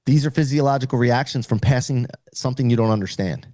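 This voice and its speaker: Earnest man with a dark, dry voice. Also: mid-range voice, fast, no room sound. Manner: earnest, explanatory, with frequent restarts. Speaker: podcast guest. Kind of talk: casual conversation.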